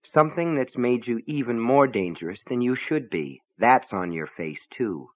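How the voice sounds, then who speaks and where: Give me a sinister shopkeeper speaking low and comfortably, as a man reads him. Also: lively intonation, moderate pace, dry recording, muffled recording, lightly acted. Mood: menacing. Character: sinister smooth-talking old male shopkeeper.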